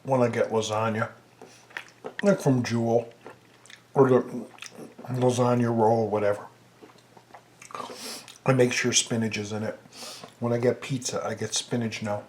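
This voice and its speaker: A man in a mid-pitched voice rambles through a casual home vlog. He corrects himself often and sometimes talks while eating. A faint noise sits behind him. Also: little pitch movement, measured pace, long pauses, darkish tone. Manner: rambling, chatty, self-correcting. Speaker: movie review vlogger.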